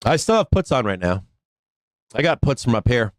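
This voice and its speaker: A middle-aged man hosts a live stock market show, chatting casually and candidly, swearing and laughing often. His mid-range voice is sing-song and moves at normal speed, with no echo.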